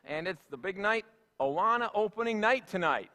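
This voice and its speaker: A man's voice: high voice, lively intonation, normal speed, bright, forceful tone. A man giving a sermon as senior pastor, folksy and conversational, with plenty of asides and fillers. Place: church sanctuary. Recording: echoey church hall.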